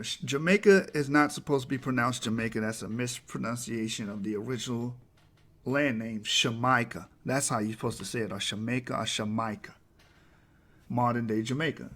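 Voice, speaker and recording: Guy walking thru slides, emphatic, keeps asking right?, average pitch. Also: fairly bright tone. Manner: emphatic, asks "right?" to the listener. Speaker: presenter. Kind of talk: talking through a slide presentation.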